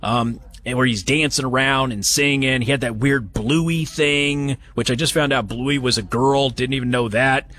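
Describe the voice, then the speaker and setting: A man's voice: medium pitch, moderate pace, few pauses, a bit bright. A man hosting a live talk radio show from an event, speaking in a chatty, sarcastic, opinionated way. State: has hiccups. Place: live broadcast at a banquet hall event.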